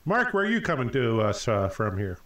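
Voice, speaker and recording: A man hosting a casual podcast chat, joking and lively. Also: medium pitch, brisk, recorded from a distance, over a noisy crowd. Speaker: podcast host. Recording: roomy, off-mic sound.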